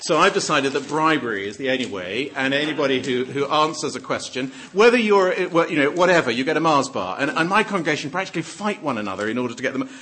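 Husky preacher, playful. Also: male voice, fairly high pitch, fast talker, few pauses. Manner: lively, joking, breaks off and restarts. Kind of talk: sermon with audience questions.

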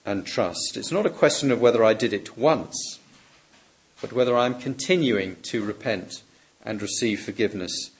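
A man preaching a sermon, measured and emphatic, lifting his voice on questions and dropping softly on key words. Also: medium pitch.

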